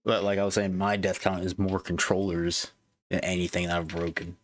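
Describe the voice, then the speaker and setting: A man co-hosting a casual gaming podcast, laid-back and halting, with lots of fillers and restarts. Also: sits low, monotone, slight background noise. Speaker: podcast co-host.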